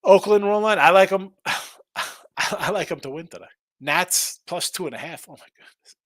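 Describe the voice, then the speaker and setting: A man hosting a live betting show in a loose, rambling way, with plenty of restarts and repeated words as he reads viewers' messages aloud. His voice sits a little high for a man and sounds close and dry, with almost no room sound. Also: normal speed, a bit bright, dry recording. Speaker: sports betting show host. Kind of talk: casual live-stream betting talk.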